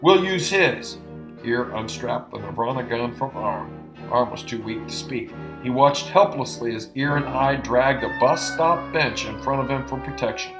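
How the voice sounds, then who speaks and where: A man reading an adventure novel aloud in an expressive, dramatic narration. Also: medium pitch, normal speed, over music. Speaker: audiobook narrator. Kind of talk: audiobook narration.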